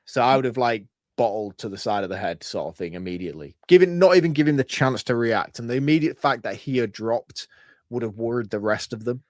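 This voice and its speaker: A middle-aged British man, co-hosting a podcast, chatting casually and thinking his points through out loud. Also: medium pitch, lively intonation, a little fast, no room sound, clean studio sound. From Britain. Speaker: podcast co-host. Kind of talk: casual chat.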